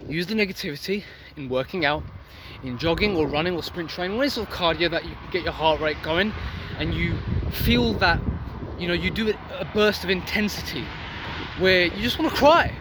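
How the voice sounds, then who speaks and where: Outdoors amid loud street traffic, a young male vlogger delivers a blunt, profane motivational rant in an intense, preachy manner. His voice is high, animated and fairly quick.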